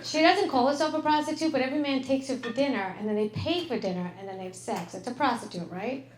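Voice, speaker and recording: A middle-aged woman performing a stand-up comedy set on a club stage into a handheld mic, brash and crude, with a deadpan delivery and exaggerated quoted voices. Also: high-pitched, fast, a little hiss or hum. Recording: roomy club sound.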